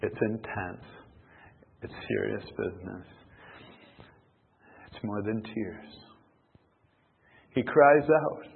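A man preaching a sermon emphatically, swinging from loud outbursts to near whispers. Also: fairly low pitch, animated, slow pace, gravelly, long pauses, husky. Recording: tinny phone-like sound in a reverberant hall.

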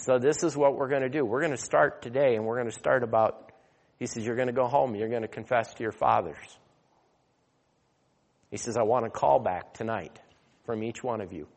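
A man preaching a sermon, telling a story and then growing loud and emphatic as he exhorts. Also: medium pitch. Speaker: pastor. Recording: long hall reverb.

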